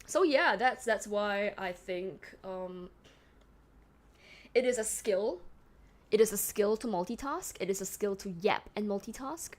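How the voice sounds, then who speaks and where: A woman's voice: mid-range voice, expressive, unhurried. Chatty Singaporean woman streamer. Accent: Singaporean English, toned down. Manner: chatty, rambling, self-mocking, reads chat aloud. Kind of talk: casual just-chatting stream.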